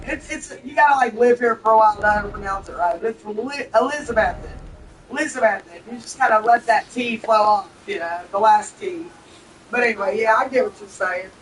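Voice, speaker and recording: A woman's voice: fairly high pitch, brisk, fairly bright tone, distant mic, poor audio. A woman in her thirties with a Southern US twang, chatting casually and bluntly while playing a game, laughing often. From southern United States. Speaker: gaming streamer.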